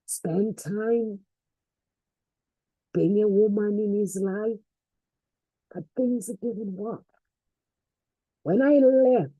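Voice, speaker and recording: A woman's voice: mid-range voice, dark tone, no echo, poor audio. A woman giving an earnest, faith-based motivational talk, repeating phrases for emphasis. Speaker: motivational speaker.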